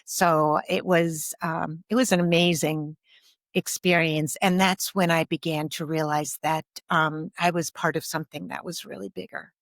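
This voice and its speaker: Woman, podcast guest, soft-spoken, thoughtful, frequent ums, dry close sound. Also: low-pitched, steady tone, normal speed, no echo. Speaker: guest, grief and ancestral healer. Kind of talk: reflective podcast conversation.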